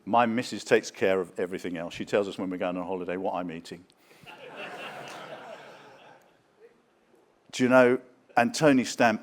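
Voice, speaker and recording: An older man and actor telling lively theatre and film anecdotes at a conference, acting out the voices of the people he quotes. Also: mid-range voice. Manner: theatrical storyteller who acts out quoted voices. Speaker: guest speaker, actor. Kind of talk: anecdotal after-dinner talk.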